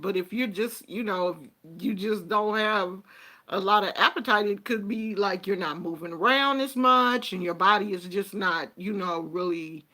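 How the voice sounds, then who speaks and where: A woman vlogger with a medium-pitched, sharp-toned voice chats casually to her viewers in a Black way of speaking. She tells stories and laughs often.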